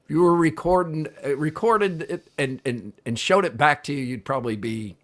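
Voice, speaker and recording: A man's voice: a little high, normal speed. Easygoing male sports talk host. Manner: easygoing, opinionated, drifts quieter at sentence ends.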